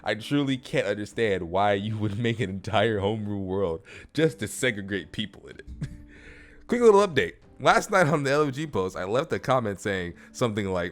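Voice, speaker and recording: Animated laughing male podcast co-host. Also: fairly low pitch, fairly quick. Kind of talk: casual chat reading stories.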